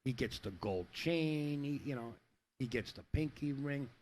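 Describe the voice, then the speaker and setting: A man's voice: medium pitch, animated, measured pace, a little mellow, a little hiss or hum. A middle-aged man commentating a pool match in a rambling, chatty way, telling jokes between shots. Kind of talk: casual play-by-play with joke telling.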